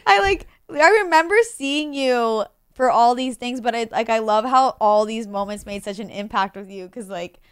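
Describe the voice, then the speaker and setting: A young woman guest in a casual chat, bubbly and animated, often laughing as she retells stories. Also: a little high, moderate pace, hardly any pauses, clear, resonant tone, dry recording, studio quality.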